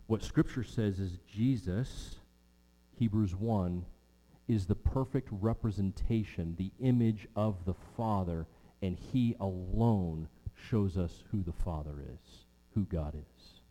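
A man's voice: deep voice, slow pace, dark tone. Man preaching a sermon in a reverberant hall. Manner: emphatic expository preaching, repeats key lines.

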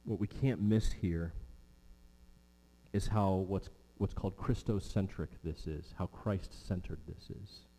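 A man's voice: sits low, a little slow, mellow, in a large hall. A man preaching an expository sermon, stressing key words and repeating his main lines.

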